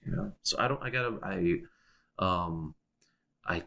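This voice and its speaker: A young man with a very deep voice, co-hosting a casual podcast. He rambles, restarts his sentences and laughs often as he chats. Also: measured pace, creaky, sharp tone. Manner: rambling, self-interrupting, with frequent restarts and laughs. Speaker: podcast co-host. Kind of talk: casual chat.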